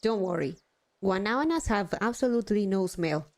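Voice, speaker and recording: A woman's voice: mid-range voice, expressive, normal speed. A young adult woman live streaming, chatting casually, swearing now and then and poking fun at herself. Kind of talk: casual chat while gaming.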